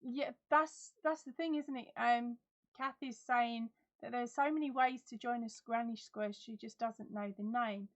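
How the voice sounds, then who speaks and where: A woman's voice: a little high, fairly even intonation, normal speed, muffled recording. A middle-aged woman hosting a casual live chat from home, reading out viewer comments, giggling and talking a lot. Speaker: livestream host.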